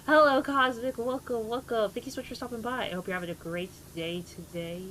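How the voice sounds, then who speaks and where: A woman's voice: a little high, a little fast, a bit bright, a little hiss or hum. A woman in her twenties, a streamer chatting casually with her live chat, talking about herself and greeting viewers.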